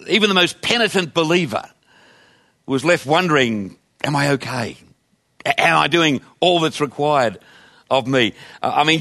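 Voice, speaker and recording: A man's voice: fairly high pitch, a bit bright. A male pastor preaching a sermon in a conversational, emphatic way, asking his listeners rhetorical questions.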